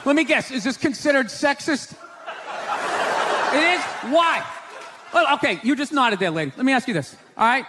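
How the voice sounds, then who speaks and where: A man doing a stand-up routine in a sarcastic, ranting way, shouting his punchlines. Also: very high-pitched, lively intonation, normal speed, long pauses. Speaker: stand-up comedian. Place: live comedy stage. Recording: live stage with crowd and noise. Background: audience laughter.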